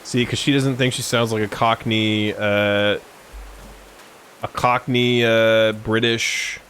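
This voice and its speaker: A man's voice: fairly low pitch, little pitch movement, slow pace, a bit bright, slight background noise. A man casually chatting and joking on a live stream while playing a game, sometimes breaking into song. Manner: joking, sings song snippets.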